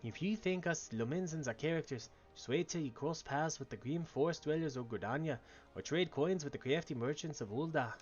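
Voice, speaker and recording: Man doing a bawdy old barkeep, gruff, high and loud, dull audio. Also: expressive, a little fast, soft background music, natural voice. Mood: boisterous. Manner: rowdy, boisterous, full of slang. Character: bawdy old male tavern keeper, jovial and gruff.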